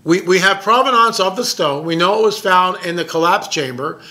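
A man with a bright, forceful voice, a little higher than most, talks through a story about his own documentary. He is excited and emphatic and often repeats words as he builds his point. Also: normal speed. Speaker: documentary filmmaker. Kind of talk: casual storytelling monologue.

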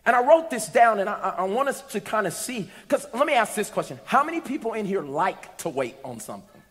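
A man preaching a sermon in a church, animated and humorous, pulling the congregation in with questions. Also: high-pitched, fairly quick. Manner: animated, humorous, call-and-response. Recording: echoey hall.

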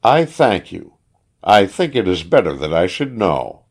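A desperate, vengeful wife speaks in a strained high falsetto, put on by a male audiobook reader. Her lines rise and fall with wide, dramatic swings. Every sentence is declaimed as if on a stage. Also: very animated, unhurried, darkish tone, exaggerated voice. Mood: eerily calm. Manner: raised falsetto, impassioned and declaiming. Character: grieving vengeful wife, middle-aged woman. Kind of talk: audiobook character reading.

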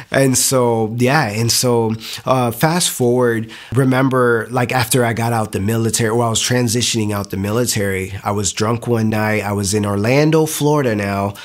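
A young man telling his faith testimony in a casual, animated way, full of "like" fillers and acted-out quotes. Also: mid-range voice. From Latino, US. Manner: animated, many fillers like "like", voices quotes of others. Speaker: speaker giving testimony. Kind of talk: personal testimony, casual storytelling.

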